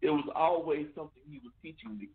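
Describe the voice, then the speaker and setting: A man's voice: a little high, fast talker. A man hosting a radio talk show, speaking conversationally and often asking "you know what I'm saying". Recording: tinny phone line.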